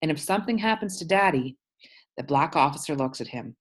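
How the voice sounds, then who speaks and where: A woman teacher reading a novel aloud to her class, pausing to explain words. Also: deep voice, expressive, breathy edge.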